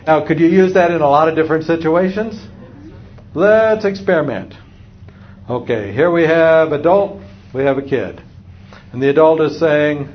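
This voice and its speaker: A man's voice: fairly high pitch, lively intonation, normal speed. A man giving a live parenting seminar to an audience, wry and humorous, acting out little parent-and-kid dialogues. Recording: dull lo-fi recording with faint noise.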